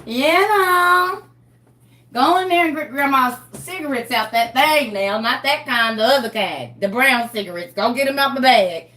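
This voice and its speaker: A woman's voice: high-pitched, unhurried, sharp tone, reverberant, far from the mic. A woman voicing a fussy old grandmother who orders her grandkids around with a bossy, teasing manner.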